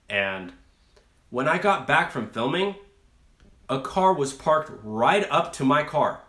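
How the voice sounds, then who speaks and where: A man's voice: medium pitch, fairly bright tone. Rambling young man in an echoey room. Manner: rambling, storytelling, lots of fillers and restarts. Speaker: rideshare channel host. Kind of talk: casual live stream chat.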